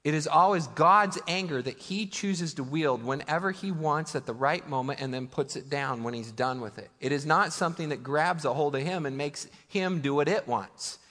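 A man's voice: on the high side, normal speed, hardly any pauses, fairly bright tone. A man preaching a sermon in a church, conversational and emphatic, asking his listeners rhetorical questions. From United States. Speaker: pastor. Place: church sanctuary. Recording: long hall reverb.

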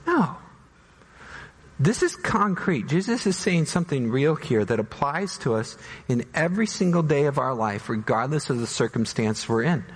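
A male pastor preaching a dramatic sermon, voicing doubters in high anguished tones and dropping to soft, slow pleas. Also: expressive, slightly rough. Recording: long hall reverb.

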